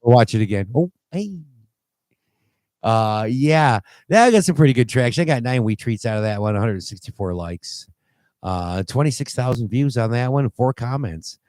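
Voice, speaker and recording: A man hosting a call-in talk show, rambling and halting with many fillers and restarts as he reads posts aloud. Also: mid-range voice, expressive, a little mellow, no room sound. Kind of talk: casual call-in show commentary.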